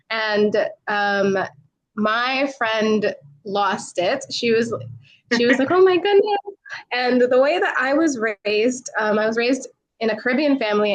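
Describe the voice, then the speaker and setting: A woman from New York tells a story in casual chat, with a fairly high voice. She laughs often and slips into lively quoted voices as she retells it. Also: rough recording. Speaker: podcast guest, travel creator.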